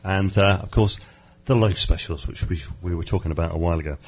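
A man's voice: low-pitched, fast talker, slightly rough. A man hosting a casual comic radio chat show, joking and laughing with his co-host. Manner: jokey, laughing, playful banter.

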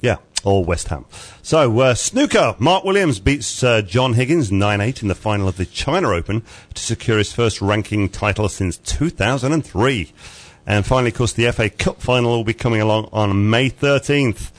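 Low-voiced chatty male radio host. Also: lively intonation, moderate pace. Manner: chatty, chuckling, lots of uhs while reading results. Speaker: radio host reading sports news. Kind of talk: casual radio chat and news roundup.

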